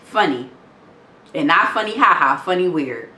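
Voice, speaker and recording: A woman's voice: deep voice, expressive, normal speed, bright, forceful tone. A young woman telling a storytime vlog, reading text messages aloud in a blunt, profane, indignant way. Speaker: vlogger. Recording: roomy echo.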